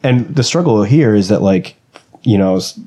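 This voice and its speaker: Guy with the hiccups, lowish mellow voice, lots of ums and false starts, chatting from a bedroom. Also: lively intonation, moderate pace, slightly rough. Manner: hesitant, many fillers and restarts. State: has the hiccups. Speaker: podcast co-host and race driver. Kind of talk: casual chat.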